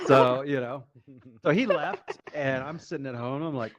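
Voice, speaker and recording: A man doing stand-up comedy, telling a story in a lively, profane way and acting out the voices of the people in it. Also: mid-range voice, moderate pace, muffled recording. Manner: animated, profane, acts out quoted voices.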